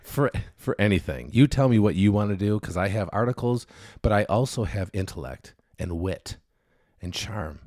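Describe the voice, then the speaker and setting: A man's voice: lowish voice, expressive, normal speed, a little mellow, no room sound, studio quality. A man co-hosting a podcast in casual chat, ranting sarcastically and swearing freely. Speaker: podcast co-host.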